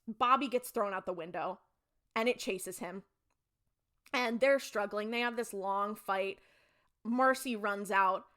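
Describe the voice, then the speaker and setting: Animated woman retelling a TV episode. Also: mid-range voice. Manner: animated storytelling, acting out characters in quick quoted lines. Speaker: podcast co-host. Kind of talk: casual chat recapping a TV episode.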